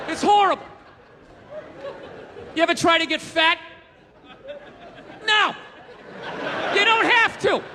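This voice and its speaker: A man on a comedy stage, tearing through a stand-up routine in a high, strained shout full of profanity. The crowd is loud and the live room noise bleeds into the mic. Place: comedy stage before audience.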